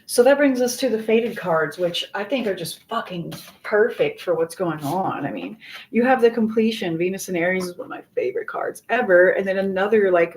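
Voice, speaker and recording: A woman's voice: mid-range voice, a little mellow, poor audio. A woman giving a live tarot reading to her viewers, earnest and rambling, circling back over her words and swearing casually. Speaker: tarot reader.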